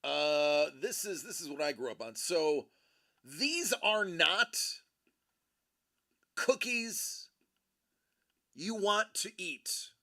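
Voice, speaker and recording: Animated, gravelly-voiced man chatting on a livestream. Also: a little high, very slow, long pauses. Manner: rambling, animated, self-correcting. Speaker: livestream host. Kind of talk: casual live-stream chat.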